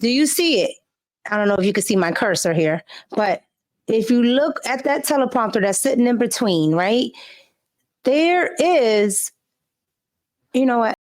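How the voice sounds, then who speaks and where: A woman's voice: fairly high pitch, expressive, a little slow, long pauses, a little mellow. A woman host giving sassy, emphatic opinion commentary in casual slang; her family is Cuban.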